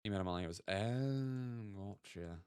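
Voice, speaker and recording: A man's voice: lowish voice, a little slow, darkish tone, clean tone, no room sound, studio quality. A young man casually thinking aloud and joking while streaming a geography guessing game. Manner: chatty, thinks aloud, jokey asides. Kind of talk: casual gaming stream chat.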